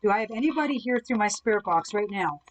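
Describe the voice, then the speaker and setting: Speaking fast in a medium-pitched voice with lively intonation, a woman runs a live-stream ghost hunt. She puts questions to spirits through a spirit box, part of a device-heavy setup, and addresses comments from viewers. The recording is low quality.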